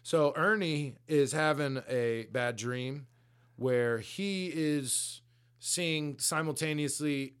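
A man's voice: fairly high pitch, slow, fairly bright tone, smooth. Slangy man casually recapping a story. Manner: loose slangy storytelling with frequent swearing and laughs. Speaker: podcast co-host.

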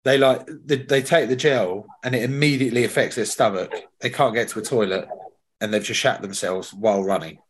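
A man's voice: mid-range voice, brisk, slight background noise. A man hosting a podcast, chatting casually and telling slangy, swear-laced stories. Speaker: podcast host. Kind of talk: casual chat.

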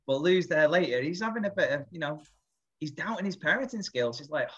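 A man's voice: on the high side, moderate pace, dull audio. A man co-hosting a casual chat, acting out other people's lines in comic voices. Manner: lively, acts out quotes in character voices. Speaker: podcast co-host.

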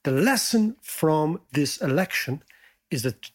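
A man hosting a podcast, chatting in a casual, jokey, animated way. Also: measured pace. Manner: animated, jokey, swoops up in pitch. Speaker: podcast host.

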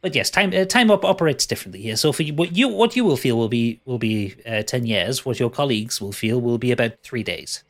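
A man's voice: medium pitch, lively intonation, brisk, few pauses, fairly bright tone. A man playing a jailer in a tabletop game, smug and matter-of-fact with some stumbling. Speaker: game master. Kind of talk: in-character tabletop role-play.

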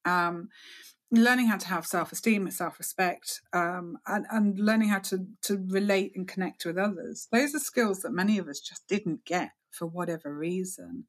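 A woman's voice: lowish voice, normal speed. A middle-aged woman, talking frankly as an interview guest, wry and self-deprecating. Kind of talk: candid interview talk.

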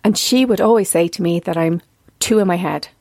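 Forties woman doing a heartfelt solo podcast, bit of vocal fry, dead dry sound, gets emotional easy. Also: lowish voice, fairly quick, a little mellow, no echo. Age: 40s. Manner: earnest, confessional, easily emotional. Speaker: podcast host. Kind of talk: reflective podcast monologue.

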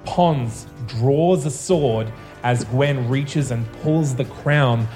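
A man's voice: mid-range voice, a little mellow, faint music behind. Man narrating as game master. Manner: slow, halting descriptive narration with fillers.

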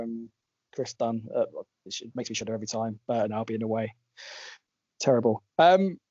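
A man hosts a relaxed chat in a wry, rambling way, correcting himself as he goes. His voice sits a little high. The recording is dry and a bit muffled. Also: dry recording. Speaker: podcast host. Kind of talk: casual chat. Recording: dull lo-fi, dry.

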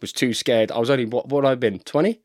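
A man's voice: mid-range voice, steady tone, quick pace, a little mellow, no echo, studio quality. An English man in his thirties telling stories in a casual podcast chat, laughing often and calling his friend "mate". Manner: chatty, laughs often, says "mate" a lot. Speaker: podcast guest, rugby player.

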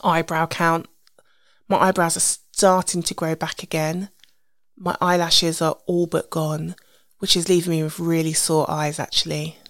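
Woman podcasting solo, lowish voice, kinda rambly, really dry close sound. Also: level tone, a little slow, dry recording. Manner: rambling, with restarts and soft asides. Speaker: podcast host. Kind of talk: casual solo podcast monologue.

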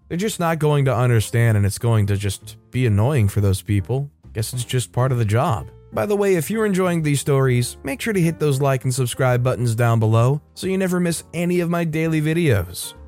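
A man reading reddit stories aloud, with wry asides and quick put-on voices for the people in them. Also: medium pitch, a little mellow. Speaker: story narrator.

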